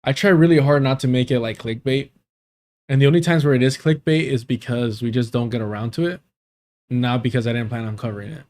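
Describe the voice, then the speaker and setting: A man's voice: mid-range voice, steady tone, fairly quick, darkish tone. Rambling male livestream host. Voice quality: rambling, chuckles often. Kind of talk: casual livestream chat.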